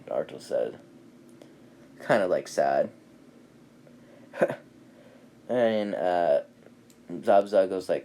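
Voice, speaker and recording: A man's voice: low-pitched, expressive, slow, pauses often, warm tone, slight background noise. A man casually retelling an anime fan story, rambling with fillers and laughing at his own jokes.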